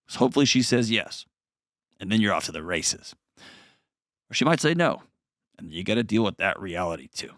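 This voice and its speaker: A man hosting an advice call-in show, talking in an earnest, conversational way and gently reassuring a caller. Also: lowish voice, sing-song, brisk, long pauses, no room sound, studio quality.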